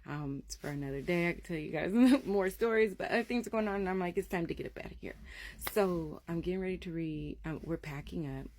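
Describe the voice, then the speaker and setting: A woman in her thirties casually telling a spooky personal story, acting out the voices in it and dropping to a hush at the scary parts. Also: on the low side, a little fast, few pauses, a little hiss or hum. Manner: animated, acts out quoted voices, drops to a hush at scary moments.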